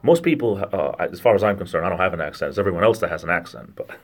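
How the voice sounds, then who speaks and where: A man with a Rhode Island accent, casually chatting and joking with viewers on a livestream in a rambling, halting way. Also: low-pitched, lively intonation. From lower New England, Rhode Island–Massachusetts border. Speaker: livestream host reading chat.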